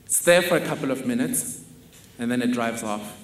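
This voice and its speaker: A man tells a personal story on stage in a measured, wry way. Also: mid-range voice, lively intonation, a little hiss or hum. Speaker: speaker. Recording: roomy hall with faint ambience.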